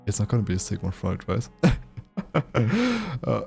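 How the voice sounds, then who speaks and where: Male streamer, dark mellow voice, narrates game text aloud with casual asides. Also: on the low side, animated, slow pace, vocal fry, pauses often, faint music behind. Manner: reads text aloud, breaks off to joke and ask.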